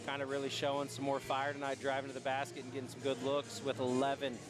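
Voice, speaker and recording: A man calling live basketball play by play, rattling off each pass and shot from a high school gymnasium. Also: monotone, over music. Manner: rapid running calls of each pass. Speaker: play-by-play announcer. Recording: gym ambience and bouncing balls.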